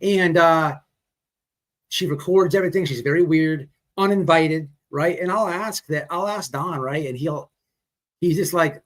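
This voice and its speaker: A man's voice: on the high side, unhurried. Blunt rambling male commentary host. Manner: blunt, rambling, ranting asides. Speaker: commentary host reacting to a livestream. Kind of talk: casual commentary. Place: on a fast-food restaurant's wifi.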